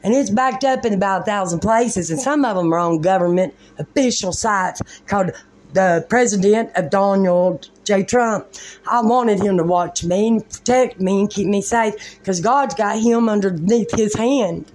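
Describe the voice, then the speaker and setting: A woman's voice: medium pitch, normal speed, darkish tone. Rambling, preachy woman talking to camera. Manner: colloquial, with folksy grammar. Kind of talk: rambling religious monologue.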